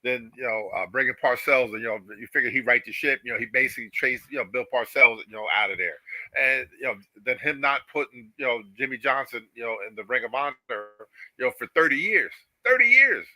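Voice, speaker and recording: A man's voice: mid-range voice, fairly even intonation, a little fast, pushed and bright, no echo, rough recording. A man co-hosting a sports podcast, chatting casually and peppering his talk with "you know". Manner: conversational, heavy use of "you know". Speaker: podcast co-host.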